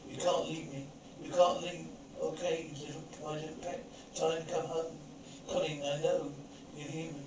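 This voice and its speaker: A man's voice: on the high side, flat delivery, moderate pace, roomy sound, distant mic, muffled recording, noisy background, natural voice. An actor playing a controlling, cruel male stage mind-reader who coaxes and threatens. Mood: menacing. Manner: coaxing threats. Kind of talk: 1980s TV horror drama acting.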